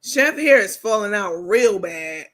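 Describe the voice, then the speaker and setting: A woman's voice: medium pitch, animated, measured pace, a bit bright, a little hiss or hum. Sassy woman hosting a live stream. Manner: sassy, joking, talks straight to viewers. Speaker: livestream host. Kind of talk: casual live-stream commentary.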